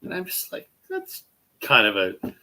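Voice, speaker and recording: A man hosting a casual chat, retelling a story in an animated way and acting out what people said. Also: mid-range voice, a little slow. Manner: animated retelling, acts out quoted speech; fillers and restarts. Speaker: host.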